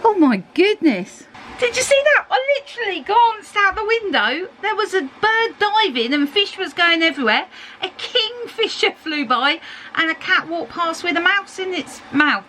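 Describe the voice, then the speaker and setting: A woman chatting excitably through a video diary, filmed on a handheld camera from a narrowboat and a car. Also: very high-pitched, moderate pace, slight background noise. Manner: excitable, exclaiming. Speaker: vlogger. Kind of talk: casual video diary chat.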